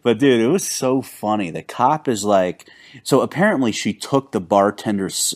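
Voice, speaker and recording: Rambling man with a low voice. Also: lively intonation. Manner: rambling, halting storyteller with many fillers. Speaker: podcast co-host. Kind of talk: casual podcast chat.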